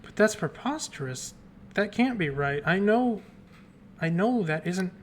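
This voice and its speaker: A man's voice: high voice, lively intonation, measured pace, slight background noise. A man reading game dialogue aloud as a fussy, guarded older woman librarian who calls people dearie. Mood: alarmed. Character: prim, jumpy older woman librarian hiding secrets. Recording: game music playing behind.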